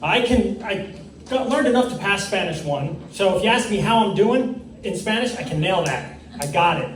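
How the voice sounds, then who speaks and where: A man's voice: high-pitched, lively intonation, moderate pace, slight background noise. A young man from New York doing a stand-up comedy set on stage, with a rehearsed, slightly stiff delivery and long setups. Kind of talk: stand-up set at an open mic. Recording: echoey room, mic far off.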